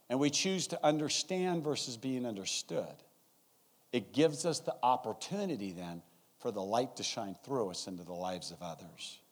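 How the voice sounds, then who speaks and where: Guy pastor preaching in church, super animated storyteller, voice jumps all over. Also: mid-range voice. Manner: animated storytelling, acting out scenes. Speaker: guest pastor. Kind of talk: sermon. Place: church service.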